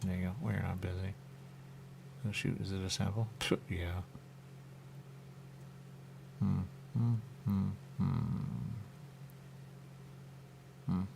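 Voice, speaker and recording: A man hosting a radio talk show in rambling casual chat, often jumping into quick high voices to act out what people say. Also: fairly even intonation, gravelly, a little mellow, slight background noise. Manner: rambling, acts out quick high-pitched quoted voices, repeats "there you go".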